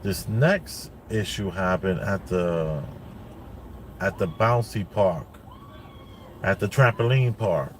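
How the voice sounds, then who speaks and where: Sitting in a car, a father tells a family story in a casual, rambling way, repeating himself and filling it with "like" and "you know." His low voice is expressive and slow, with frequent pauses. There's a little hiss or hum in the recording.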